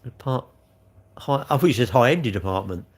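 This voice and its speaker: A man's voice: medium pitch, expressive, normal speed. Cheeky guy on stream. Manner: rambling, cheeky banter, swearing. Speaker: live streamer. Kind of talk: casual live-stream chat with viewers.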